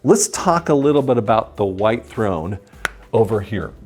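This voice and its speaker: A man teaching the Bible in a sermon style, animated and acting out the voices of the people he quotes. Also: on the low side, measured pace, soft background music.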